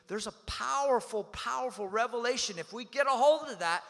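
A man's voice: extremely high pitch, a little fast, creaky, few pauses. A man preaching a sermon as pastor, emphatic and dynamic, calling on the congregation to repeat phrases. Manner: dynamic preaching with swings in loudness. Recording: long hall reverb.

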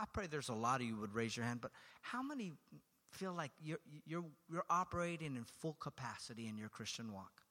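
A man preaching in a church sanctuary, his voice high and bright. He talks to the congregation in a loose, conversational way, tossing in jokes. The sound carries a long hall reverb. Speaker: pastor. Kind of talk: sermon.

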